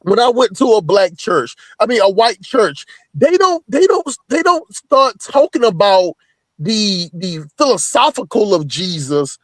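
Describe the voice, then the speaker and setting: A man co-hosting a podcast, chiming in with animated, slangy casual talk. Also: high-pitched, a little slow, dry recording. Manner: animated, street-talking, agreeing. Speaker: podcast co-host. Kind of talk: casual discussion.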